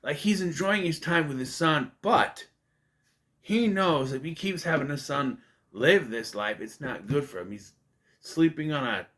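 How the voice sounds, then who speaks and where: A man's voice: fairly high pitch, animated, a little slow, a bit bright. A man casually reviewing a movie, rambling and conversational with many fillers and restarts. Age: adult.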